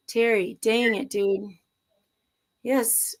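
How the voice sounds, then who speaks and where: A woman's voice: on the high side, moderate pace, a bit bright. A woman co-hosting a casual livestream chat from home over a video call, telling stories in a chatty, laughing way. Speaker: co-host and middle school teacher. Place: at home with a house full of people. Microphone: video call setup.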